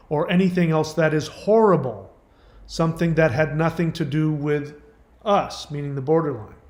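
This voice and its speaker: A man's voice: on the high side, roomy sound. A man hosting a commentary channel, reacting bluntly and emphatically to a viewer's message and telling stories from his own life. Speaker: host.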